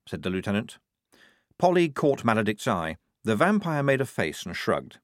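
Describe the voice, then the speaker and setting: This is scripted audiobook narration by a man whose pitch runs fairly low. His storytelling is expressive but measured, captured in a dry, clean studio recording.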